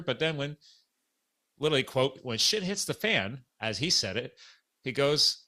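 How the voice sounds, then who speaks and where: Animated man telling a story. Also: mid-range voice, normal speed. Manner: animated, acts out quoted dialogue. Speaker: podcast host. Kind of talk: casual storytelling chat.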